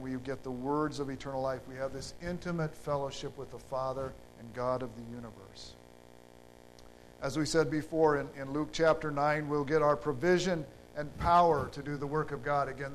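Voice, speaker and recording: A man preaching a sermon in an unhurried, halting way, with fillers and restarts. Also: mid-range voice, slight background noise, low-quality recording.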